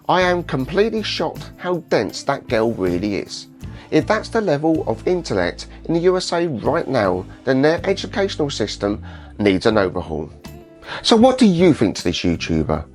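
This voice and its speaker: A British man hosting a reaction commentary, blunt and mocking in tone. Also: medium pitch. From United Kingdom. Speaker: host.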